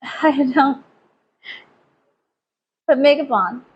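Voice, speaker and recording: Young female vlogger, high and rambling, self-mocking; dull home recording. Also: measured pace. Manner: self-deprecating, giggly, rambling. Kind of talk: casual makeup vlog chat.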